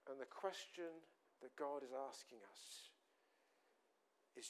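A man's voice: mid-range voice, takes it slowly, long pauses. A man preaching a sermon, earnest and repeating phrases for emphasis.

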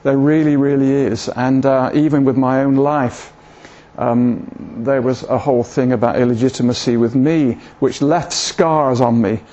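A man's voice: mid-range voice, fairly even intonation, unhurried, warm tone. An older man, giving an informal sermon in a rambling, hesitant way with self-deprecating humour. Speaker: preacher. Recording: dull lo-fi recording.

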